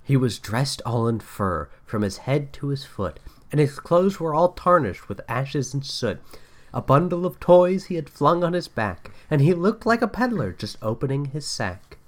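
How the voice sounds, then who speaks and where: A man reading a fan story aloud in an expressive lilting rhythm. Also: medium pitch, normal speed. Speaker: reader.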